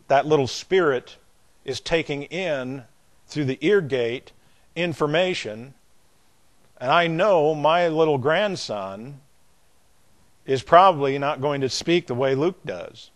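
An older man with a Southern American accent preaching a sermon, leaning hard on key words and repeating them as he builds his point. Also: a little high. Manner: emphatic, drawn-out delivery that swells in loudness on key words.

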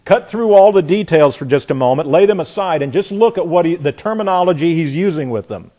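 A male preacher giving a sermon, reading scripture aloud and commenting on it, at times laughing and swinging between loud bursts and near-quiet asides. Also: a little high, lively intonation, fairly quick. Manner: reads scripture aloud, then comments with sudden bursts and drops in volume.

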